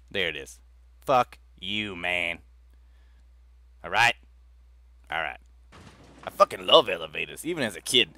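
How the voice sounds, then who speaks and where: A man voicing a foul-mouthed, drug-addled wasteland junkie with excitable, rambling, profane game commentary. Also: mid-range voice, dry recording. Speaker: game streamer. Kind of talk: role-play game commentary.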